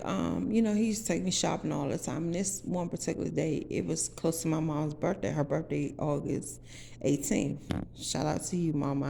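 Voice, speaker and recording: A woman's voice: deep voice, gravelly, dark tone, slight background noise. A woman in her forties from the Washington DC area, telling her story to viewers in a blunt, profane, emphatic way. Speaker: vlogger.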